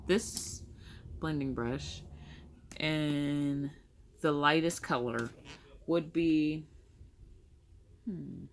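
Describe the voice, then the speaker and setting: A woman's voice: deep voice, steady tone, very slow, long pauses, a little hiss or hum. A young woman chatting casually through her makeup tutorial, rambling and correcting herself as she goes. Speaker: makeup vlogger.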